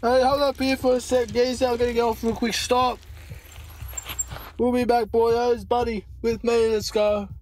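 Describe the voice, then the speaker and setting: A man's voice: very high-pitched, level tone, measured pace, a little mellow, faint music behind. A man voicing a brash male cartoon skeleton ringleader, swaggering and swearing. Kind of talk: cartoon voice acting.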